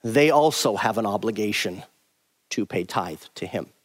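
A man's voice: lowish voice, lively intonation, normal speed. A man teaching through a Bible passage verse by verse, stressing and repeating his key points emphatically.

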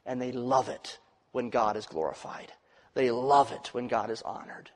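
Preacher with swinging dynamics in reverberant hall. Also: male voice, mid-range voice, fairly even intonation, normal speed. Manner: dynamic preaching, swinging from loud rises to quiet drops. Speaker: pastor. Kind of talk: sermon. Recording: long reverb of a large hall.

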